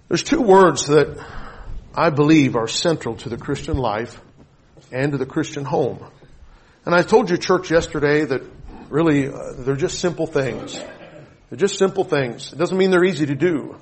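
Man, middle-aged, husky, a bit high-pitched, preaching, lively storytelling. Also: moderate pace. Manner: storytelling with rising excitement, reads scripture aloud. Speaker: pastor. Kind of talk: sermon.

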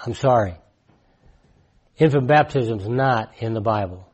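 A man in his sixties preaching in a conversational, emphatic way, repeating his key points and swinging from loud to hushed. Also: medium pitch, a little slow, slightly rough. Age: 60s. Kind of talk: conversational sermon testimony.

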